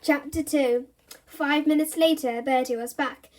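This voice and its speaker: A woman reading a children's storybook aloud in an expressive, animated narrating voice. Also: sits high, measured pace.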